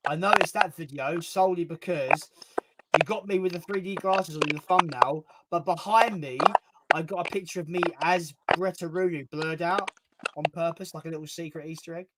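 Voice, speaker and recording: Sweary, rambling male streamer, somewhat high voice, noisy line. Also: moderate pace. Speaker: stream co-host. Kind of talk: casual chat. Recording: loud background noise.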